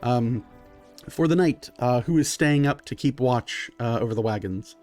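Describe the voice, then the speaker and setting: A man as game master, narrating a tabletop game in a relaxed way with many fillers. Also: mid-range voice, moderate pace, faint music behind.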